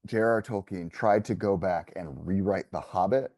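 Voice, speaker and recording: A man's voice: low-pitched, moderate pace, darkish tone. A man chatting casually as a podcast guest, rambling and correcting himself as he thinks aloud.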